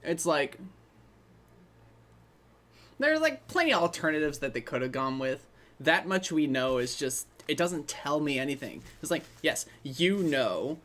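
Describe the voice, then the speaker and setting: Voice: mid-range voice, sing-song, a little slow, pauses often, a bit bright. A host talking through a film in a casual commentary, rambling and chatty, with many side remarks. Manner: rambling, chatty, trailing off into asides.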